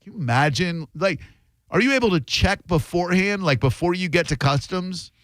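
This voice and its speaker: A man's voice: high-pitched, expressive, normal speed, a bit bright, no room sound. A man hosting a radio talk show, chatting in a joking, conversational way and taking calls. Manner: joking, conversational, reads aloud from phone. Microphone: studio microphone.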